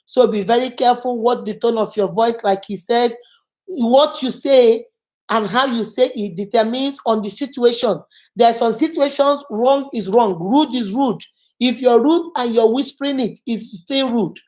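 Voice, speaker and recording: A woman's voice: on the high side, normal speed, a little mellow. A middle-aged woman hosting a channel, giving advice in earnest, emphatic casual talk and repeating words for stress. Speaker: channel host.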